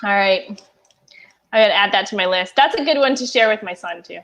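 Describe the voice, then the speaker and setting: A woman hosting a casual chat on a video call, encouraging the others with quick affirmations. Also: mid-range voice, expressive, a bit bright. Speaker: bookshop host.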